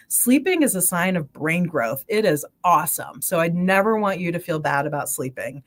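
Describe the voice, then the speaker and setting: Lively woman sleep scientist explaining. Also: lowish voice. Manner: animated, explains with quick examples. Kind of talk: livestream interview.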